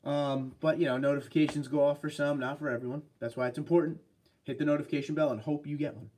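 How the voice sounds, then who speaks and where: A man hosting a casual livestream, talking in a relaxed, rambling way as he answers viewers. His voice sits a little higher than most men's, and his tone stays upbeat and friendly. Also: quick pace. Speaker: livestream host. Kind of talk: casual livestream chat, reading viewer comments.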